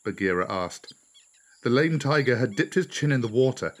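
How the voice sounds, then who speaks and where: A man narrating a storybook aloud, measured and expressive. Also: medium pitch.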